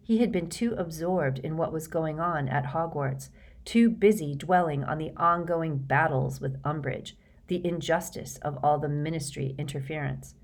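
A woman narrating a storybook aloud in a steady, measured way. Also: sits low. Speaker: audiobook narrator. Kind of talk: scripted narration.

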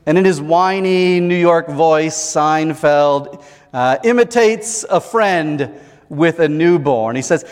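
Slow, high-voiced pastor preaching. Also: male voice, long reverb tail. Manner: measured, reflective, with deliberate pauses. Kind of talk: sermon.

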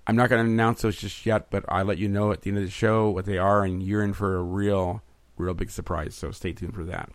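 Man, podcast host, upbeat and chatty, lowish voice, dry close sound. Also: steady tone, brisk, no room sound. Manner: upbeat, chatty, with frequent fillers. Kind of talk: casual podcast chat. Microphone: remote recording setup.

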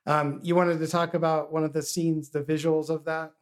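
A man's voice: on the high side, little pitch movement, moderate pace. A man hosting a podcast, chatting casually about a film with frequent ums and uhs. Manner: hesitant, many ums and uhs. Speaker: podcast host.

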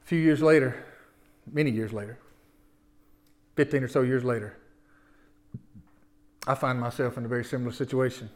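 A man in his forties preaching a sermon, moving from quiet personal storytelling to loud, impassioned exhortation. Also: mid-range voice, steady tone, normal speed, pauses often. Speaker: pastor.

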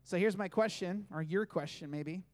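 High-voiced earnest male preacher. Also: normal speed, a little mellow, no room sound. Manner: earnest, conversational preaching with quoted asides. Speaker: pastor. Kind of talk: sermon.

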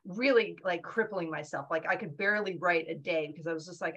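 A woman author being interviewed in casual chat, rambling and animated as she acts out her own inner voice. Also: lowish voice, quick pace, hardly any pauses, muffled recording. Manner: rambling, frequent fillers and restarts. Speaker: guest author.

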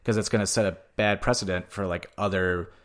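A man with a low voice rants on a casual podcast, swearing freely as he talks through hockey news. He sounds worn out and says so himself. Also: fairly even intonation, fairly quick. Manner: profane, heated sports rant. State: tired. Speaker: podcast co-host. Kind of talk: casual chat.

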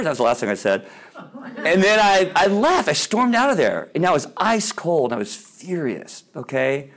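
Man, Christian talk to parents, casual storytelling, lively pitch, frequent ums. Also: unhurried. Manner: animated storyteller, acts out quoted voices loudly. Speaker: speaker on Christian sports parenting.

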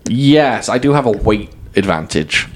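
A man co-hosting a podcast in casual chat, talkative and quick to laugh. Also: fairly low pitch, slight background noise. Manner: chatty, laughs easily, lively delivery. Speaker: podcast co-host.

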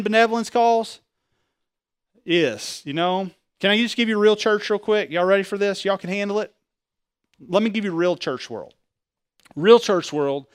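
A man, a pastor preaching a sermon in a conversational way, swinging between loud emphasis and quiet asides. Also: a little high, clean tone, dry recording, studio quality.

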